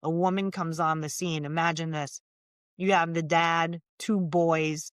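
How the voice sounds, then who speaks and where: Woman, relationship coach guest, emphatic, animated storytelling, low-ish voice, dry close sound. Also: measured pace, clear, resonant tone, no echo. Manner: emphatic, acts out little scenes with voices. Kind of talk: casual interview chat.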